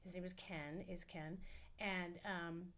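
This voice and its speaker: Bright-voiced woman telling stories. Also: fairly low pitch, steady tone, takes it slowly. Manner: candid, profane, rambling with fillers. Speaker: podcast guest. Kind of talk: casual storytelling.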